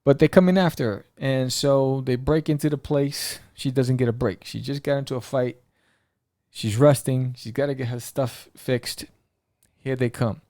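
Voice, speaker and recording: Rambling, gravelly man reviewing comics. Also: mid-range voice, normal speed, dry recording, studio quality. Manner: excitable, rambling, full of fillers and restarts. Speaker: podcast host reviewing comic books. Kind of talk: casual comic book review.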